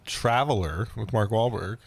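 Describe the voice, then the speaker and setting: A man co-hosting a podcast in casual chat, with dry, jokey, deadpan delivery. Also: fairly low pitch, moderate pace, vocal fry, slightly rough. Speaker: podcast co-host.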